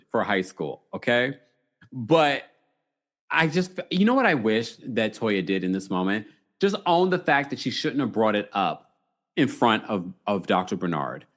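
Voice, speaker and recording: A man hosting a casual live recap show who reads out viewer comments, laughs often and reacts with animated surprise. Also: lowish voice. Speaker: podcast host reading live chat. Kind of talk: casual reality-TV recap chat.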